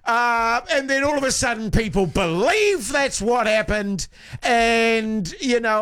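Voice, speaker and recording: A man chatting on a podcast, telling an animated, indignant story that builds into shouted protest. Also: very high voice, slow, smooth, no echo, studio quality. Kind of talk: casual chat among friends.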